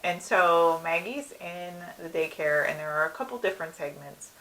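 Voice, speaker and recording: A woman co-hosts a casual review show, talking things through with easy light laughs. Her voice sits fairly low yet sounds bright and clear. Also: normal speed, poor audio. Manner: relaxed explaining, with light laughs. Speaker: podcast co-host. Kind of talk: casual episode review chat.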